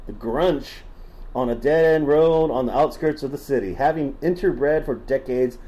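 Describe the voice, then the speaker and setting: A man's voice: medium pitch, moderate pace, mellow, rough recording. A man from Southern California co-hosting a podcast, a bit drunk, reading folklore notes in a loose, swearing, laughing way. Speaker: podcast co-host.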